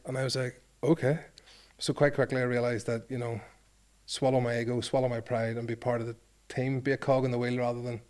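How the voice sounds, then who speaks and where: This Northern Irish ex-rugby player in his forties spins self-deprecating stories for an interviewer, performing the quoted exchanges himself. He talks briskly at a medium pitch with little rise or fall, and his tone is on the dark side.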